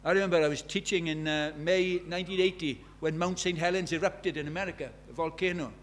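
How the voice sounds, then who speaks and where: An older man delivers an evangelistic sermon in a somewhat high voice. He preaches with fervour, sinking to near-hushed lines before surging back up to loud, urgent appeals. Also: fairly even intonation, quick pace. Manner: impassioned, swings from hushed to loud.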